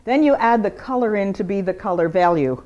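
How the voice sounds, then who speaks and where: A woman artist talking casually to visitors in a gallery, her voice at an ordinary middle pitch. She is animated and chatty, leaping up in pitch to stress a point before settling back down. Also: brisk, dull audio. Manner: chatty and animated, with big pitch swings for emphasis. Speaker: portrait artist giving a gallery talk. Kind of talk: informal gallery talk to a live audience. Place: art gallery, indoors.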